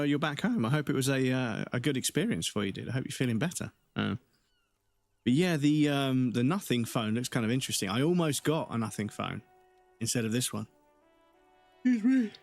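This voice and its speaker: A man's voice: medium pitch, expressive, normal speed, faint music behind. A man streaming a game, chatting casually and rambling, swearing and greeting viewers. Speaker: live streamer. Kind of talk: casual chat over gameplay.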